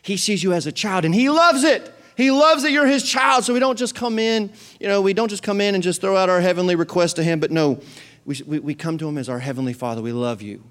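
Man, pastor, high voice, animated sermon, fervent. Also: fast talker. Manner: animated, swings into loud fervent prayer.

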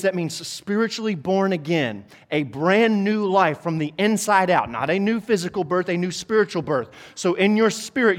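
A man preaching a sermon as pastor, driving points home with repetition and climbing into loud, urgent exhortation. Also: high-pitched. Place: church sanctuary.

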